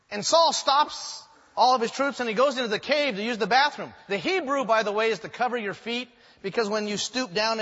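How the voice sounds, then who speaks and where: A man preaches from the pulpit with a high, bright voice, telling stories animatedly and dropping in joking asides. The sound rings through a large echoing hall and comes across muffled and dull. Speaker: pastor. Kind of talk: sermon.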